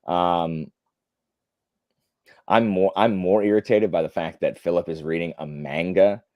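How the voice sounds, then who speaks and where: A low, steady-toned man speaks a little slowly as he hosts a live stream, chatting casually and replying to viewer comments with rambling, filler-heavy talk and blunt opinions. There's no room sound, but the highs are cut off.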